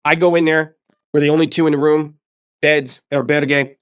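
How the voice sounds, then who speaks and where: A man's voice: a little high, level tone, brisk, clean tone, dry recording, clean studio sound. A man telling a travel story in a casual interview, emphatic and enthusiastic, often repeating words for stress. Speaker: podcast host sharing his story.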